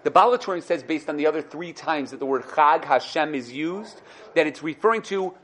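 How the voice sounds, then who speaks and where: A young man giving a lively Torah class. He acts out the people he quotes and thinks out loud as he goes. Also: fairly quick, a little hiss or hum. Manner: animated, acts out quoted speakers with rising pitch; thinks aloud, repeats and restarts. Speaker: Torah teacher.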